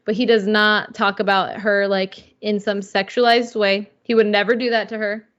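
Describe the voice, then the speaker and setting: A young woman co-hosting a casual podcast, talking in an animated, slangy way with lots of "like" and "dude.". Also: mid-range voice, moderate pace. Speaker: podcast co-host. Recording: slightly dull lo-fi audio.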